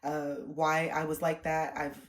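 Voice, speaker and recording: A woman streamer telling personal stories frankly, swearing, dropping to hushed reflection and then bursting into loud laughing re-enactments. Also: low-pitched, flat delivery, unhurried. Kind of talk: candid personal storytelling. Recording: echoey room.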